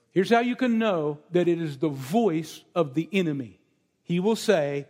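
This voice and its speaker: A man's voice: sits high, expressive, normal speed, a little mellow, long reverb tail. A man preaching a sermon to a congregation, praying and ministering with an emphatic, repetitive cadence. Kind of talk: sermon with prayer and prophetic ministry. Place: meeting room with a gathered congregation.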